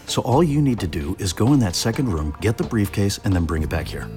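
An actor playing a resourceful, secretive male agent in a radio drama, talking in a brisk, conspiratorial way. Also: lowish voice, very animated, darkish tone, soft background music. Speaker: undercover agent.

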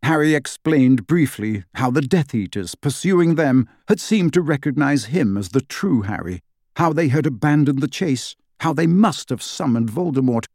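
A man reading a novel aloud as an audiobook narrator, with expressive storytelling. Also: mid-range voice, no echo, clean studio sound. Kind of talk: scripted narration.

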